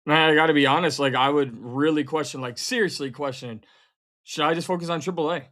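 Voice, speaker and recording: A man's voice: a little high, a little fast, bright, forceful tone. A man co-hosting a live wrestling watchalong, giving blunt, exasperated critique from a studio. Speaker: co-host. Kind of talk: live watchalong reaction commentary.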